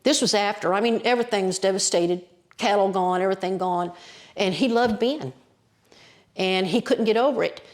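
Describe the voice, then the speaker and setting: A woman with an Appalachian accent, a guest storyteller, telling a story in a lively, folksy way with colloquial mountain phrasing. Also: medium pitch, normal speed. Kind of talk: animated oral storytelling.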